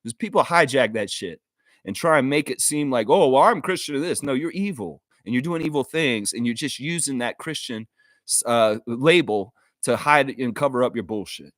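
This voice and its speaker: Clean studio audio with no room sound captures a man's mid-range, fairly bright voice, lively in intonation and moderate in pace. As host of a live fan stream, he gives an unscripted monologue, earnest, emotional, heartfelt and apologetic, often starting sentences over.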